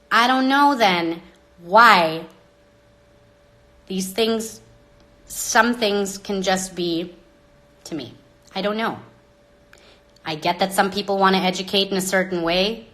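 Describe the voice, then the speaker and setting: A woman hosting a live stream into her phone, talking dramatically and with exasperation, swinging between loud outbursts and hushed asides. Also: mid-range voice, animated, a little slow. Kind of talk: rambling live-stream monologue.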